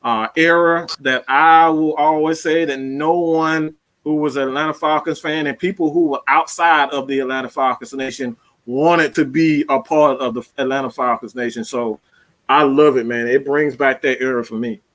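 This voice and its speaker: Bright, loud, ranting sports-talk man. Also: mid-range voice, steady tone, normal speed. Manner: loud, profane, fired-up ranting. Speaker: podcast host. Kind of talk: heated sports-talk rant.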